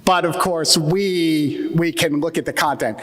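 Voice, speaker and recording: An American keynote speaker with an Atlantic Midland accent delivers a wry, joking talk full of fillers, his voice a little high, unhurried, and fairly bright. A long reverb rings through the large conference hall.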